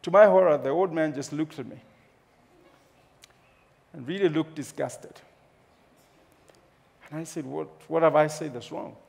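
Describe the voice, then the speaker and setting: Kenyan male speaker, lively comic storyteller, slightly high voice with a touch of fry. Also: a little slow, pauses often. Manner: humorous, animated storyteller. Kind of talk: storytelling talk on stage. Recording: long hall reverb.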